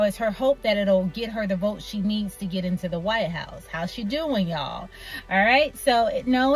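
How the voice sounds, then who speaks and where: A woman hosting an online commentary video who talks to her viewers in a sarcastic, chatty way. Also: medium pitch. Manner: sarcastic, addresses viewers as y'all. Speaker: YouTube commentary host.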